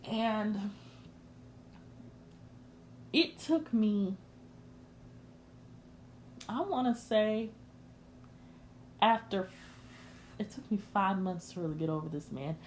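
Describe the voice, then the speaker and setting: A woman's voice: medium pitch, slow, long pauses, darkish tone, slight background noise. A young woman hosting a podcast, confiding a personal story in an emotional, candid rant and speaking straight to her listeners. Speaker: podcast host.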